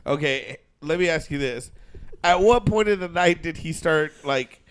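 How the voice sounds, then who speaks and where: A man's voice: fairly high pitch, lively intonation, moderate pace, clean tone. A man chatting casually on a podcast, joking and laughing a lot. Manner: joking, tries silly accents, laughs a lot. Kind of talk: casual chat.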